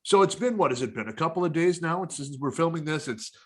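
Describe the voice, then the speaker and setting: A man in his thirties with a slightly high voice, co-hosting a casual talk show. He is blunt and opinionated and gets worked up as he argues. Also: animated, fast talker, husky. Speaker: podcast co-host.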